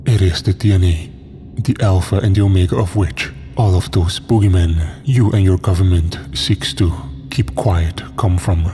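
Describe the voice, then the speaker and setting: Casting: a man playing a deep, dark-toned monotone cultist preaching calmly, long hall reverb. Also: moderate pace, a little hiss or hum, natural voice. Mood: calm menace. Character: deep-voiced monotone male cultist, calm and zealous.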